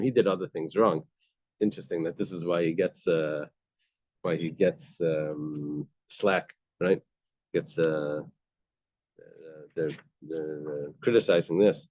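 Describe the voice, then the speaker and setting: A man's voice: deep voice, a little slow, a little mellow, no echo. A man teaching a daily Talmud class, reading short bits of Aramaic and then explaining them in casual, conversational English.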